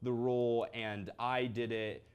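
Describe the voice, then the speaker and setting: A young man co-hosting a casual chat, with dry, deadpan jokes. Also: mid-range voice, unhurried, clear, resonant tone, muffled recording. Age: young adult.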